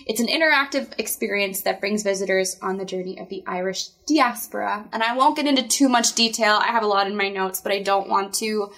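A woman's voice: medium pitch, fairly quick, hardly any pauses, fairly bright tone. A woman co-hosting a podcast in casual chat, upbeat and chatty with playful exclamations. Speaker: podcast co-host.

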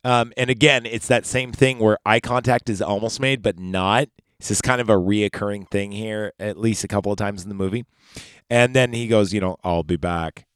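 A man with a lowish voice hosts a casual podcast, walking through a film scene by scene. He talks in a loose, digressive way, full of fillers and cursing. The sound is dry and close, with no room in it. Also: fairly even intonation, moderate pace, a bit bright, no room sound. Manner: rambling, digressive and profane; laid-back, chatty with frequent fillers. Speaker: podcast host. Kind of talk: casual movie recap podcast.

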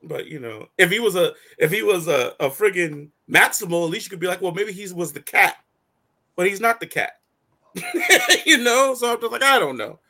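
Lively bright-voiced man riffing. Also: high-pitched, normal speed. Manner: animated, slangy, laughs often, acts out quotes. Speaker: show host. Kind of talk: casual movie review chat.

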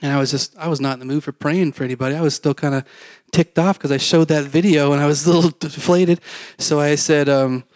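A man's voice: fairly high pitch, fairly even intonation, fast talker, a little mellow, dry recording. A man preaching a testimony, telling his story in a rambling, conversational way with fillers and acted-out quotes.

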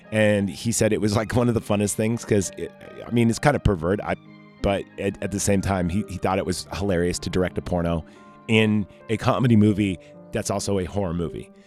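Rambling, profane man with a low voice. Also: a little mellow. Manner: rambling, profane, self-interrupting. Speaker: podcast host. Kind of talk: casual rambling movie talk.

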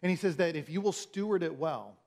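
Conversational pastor with a higher voice. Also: male voice, expressive, fairly quick, gravelly, darkish tone. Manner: conversational, storytelling with acted-out quotes; repeats and restarts words. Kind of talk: sermon.

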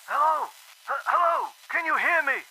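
High, very bright crackly-radio scientist, frantic and urgent. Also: male voice, expressive, normal speed, heavily acted. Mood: hesitant. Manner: urgent, warning. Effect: crackly old radio speaker.

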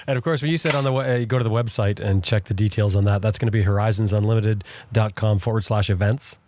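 Man, low voice, podcast host, joking, moderating. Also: steady tone, fast talker, darkish tone, a little hiss or hum. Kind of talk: casual panel chat.

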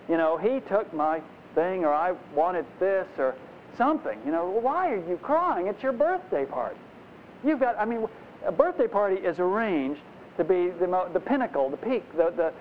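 A man preaching a conversational, animated sermon, acting out the voices in his stories, in a dull lo-fi recording. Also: a little high. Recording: dull lo-fi recording, faint noise.

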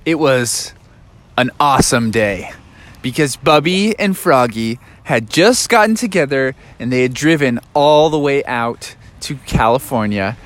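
A man's voice: mid-range voice, expressive, measured pace. A man casually making up a bedtime story for children, playful and loose with surfer slang. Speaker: parent telling a story.

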